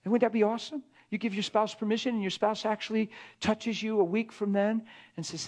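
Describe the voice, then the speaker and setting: A pastor giving a conversational sermon, earnest and full of rhetorical questions, acting out little dialogues. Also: male voice, high voice, steady tone, brisk, darkish tone. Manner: earnest, acts out dialogue between spouses.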